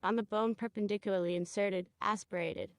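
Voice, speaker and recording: A woman teaching a cosmetology procedure, guiding a student step by step and checking in with quick questions. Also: mid-range voice, steady tone, dry recording, studio quality. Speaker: cosmetology instructor. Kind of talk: hands-on training demonstration.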